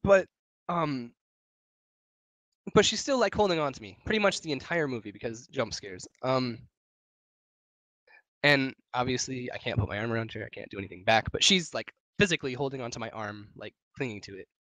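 A man's voice: mid-range voice, expressive, brisk, pushed and bright, dry recording. A young man and podcast co-host telling a long personal story in casual chat, rambling and swearing with many restarts.

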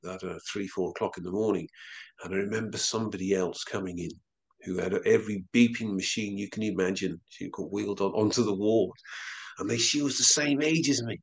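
A man, an interview guest, telling a personal story in a halting, earnest way with frequent restarts. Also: medium pitch. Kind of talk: recounting a personal experience in an interview.

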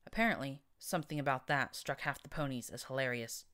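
A woman narrating first-person fan fiction as an audiobook, in an expressive, dramatic reading. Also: rumbling low, a little fast.

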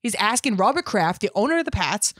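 A woman's voice: mid-range voice, very animated, fairly quick, a bit bright, no room sound. A bubbly young woman co-hosting a podcast in casual chat, laughing often, on a close mic. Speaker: podcast co-host.

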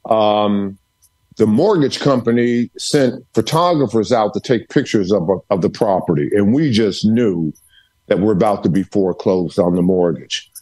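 A man's voice: on the low side, measured pace, darkish tone. A man speaking from his home study as a podcast guest, telling stories with emphatic, sermon-like repetition. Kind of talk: storytelling interview.

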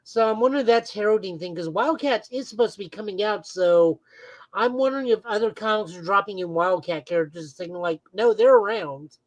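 A woman's voice: mid-range voice, brisk, dry recording, poor audio. A woman co-hosting a casual podcast who recaps comic plots in detail with frequent filler words. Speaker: podcast co-host.

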